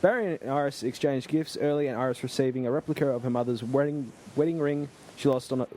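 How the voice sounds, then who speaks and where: Guy recapping a tv episode on a podcast, mellow voice, bit of hiss behind. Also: mid-range voice. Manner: recapping plot, halting restarts. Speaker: podcast host. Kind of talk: casual chat and episode recap.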